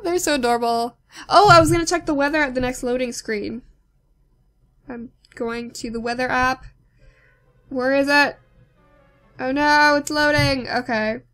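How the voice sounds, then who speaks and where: A woman's voice: sits high, a bit bright. A young woman giving casual, rambling commentary as she plays a game, chatting with viewers. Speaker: let's play host.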